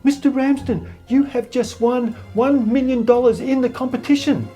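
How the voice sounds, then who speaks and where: A man's voice: very high voice, fairly even intonation, normal speed, mellow, faint music behind, voice pushed up. An older man voicing a cheeky young boy making a prank phone call, speaking with put-on formality in a storytelling recording. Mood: sly.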